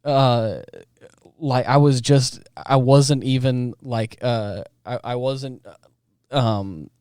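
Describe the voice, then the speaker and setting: A man co-hosting a podcast, telling a story in a halting, rambling way. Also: medium pitch, warm tone, clean tone, dry recording, clean studio sound. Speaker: podcast co-host. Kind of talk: casual chat.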